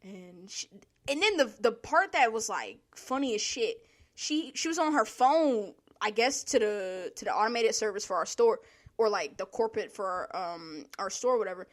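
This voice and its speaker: A young woman vlogger with a medium-pitched, animated voice speaks at normal speed in a solo recording. She tells her audience a profane story about work in a casual, ranting style, laughing often.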